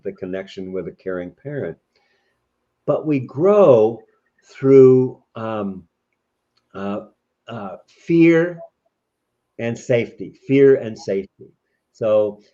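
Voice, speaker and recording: A man's voice: fairly low pitch, mellow. A man talking in an interview, explaining ideas thoughtfully with frequent restarts. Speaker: guest. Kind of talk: reflective interview talk. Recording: dull lo-fi audio.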